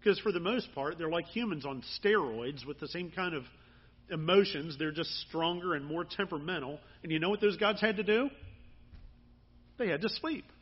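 A man's voice: on the high side, animated, normal speed, husky, dull audio. A man preaching a sermon in an earnest, conversational way that builds to bursts of emphasis. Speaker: pastor.

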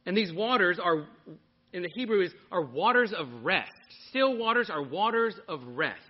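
Male pastor, high and animated, sermon to a live congregation, muffled lo-fi sound. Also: normal speed. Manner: animated preaching, questioning the congregation.

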